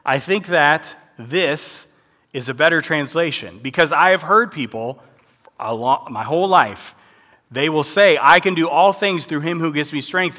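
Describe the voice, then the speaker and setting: A man preaching a conversational sermon, teaching with lively asides and frequent checks with his listeners. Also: on the high side. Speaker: pastor. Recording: long hall reverb.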